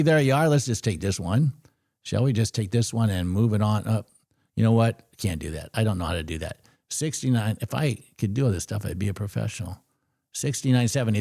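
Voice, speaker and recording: A man hosting a live trading stream, talking in an animated, ranting and excitable way. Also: mid-range voice.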